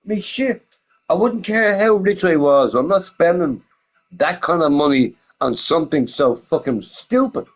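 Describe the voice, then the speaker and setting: A man's voice: a little high, a little slow, low-quality recording. Guy ranting on a stream, swears a lot, laughs, voice jumps all over. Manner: profane, laughing often, animated rhetorical questions. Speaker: gaming streamer chatting with viewers. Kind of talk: casual rambling chat.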